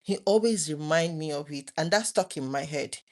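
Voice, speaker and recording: Woman in her 30s, lowish voice, talking to her viewers late at night, earnest and emotional, keeps restarting. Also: moderate pace, darkish tone. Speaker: vlogger.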